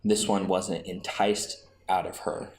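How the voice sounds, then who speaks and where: A man's voice: deep voice, level tone, takes it slowly, darkish tone. A man hosting a podcast, making his case in a chatty, argumentative way with many restarts. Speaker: podcast host. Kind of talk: casual fan discussion.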